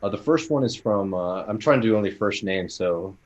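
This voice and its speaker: A man's voice: fairly low pitch, animated, a little fast, highs cut off. An American man co-hosting a casual panel chat, reading listener questions and rambling with many fillers. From United States.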